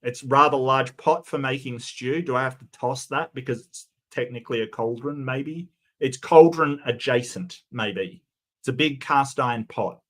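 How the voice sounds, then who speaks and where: A man's voice: medium pitch, normal speed, a bit bright. A man giving sarcastic, mocking reaction commentary, often stumbling and restarting his sentences.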